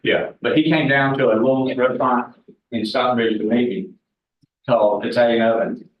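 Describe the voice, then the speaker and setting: A man's voice: mid-range voice, fairly even intonation, normal speed, distant mic, slight background noise. A man in his forties, telling candid stories and joking with a team in a meeting room. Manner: folksy, candid, joking with the audience. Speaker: guest speaker at a real estate team meeting. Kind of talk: casual storytelling talk to a room. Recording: echoey room recorded from afar, dull sound.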